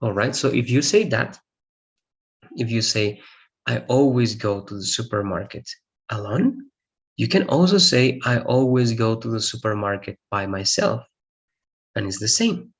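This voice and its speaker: Slow, gravelly-voiced male English teacher. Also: mid-range voice. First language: Spanish. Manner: explains patiently, repeats examples, checks in with "all right?". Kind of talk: recorded grammar lesson.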